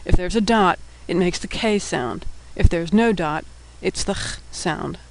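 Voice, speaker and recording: Man, high voice, scripted teaching narration, patient and clear, spells out each sound. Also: a little slow, rough recording.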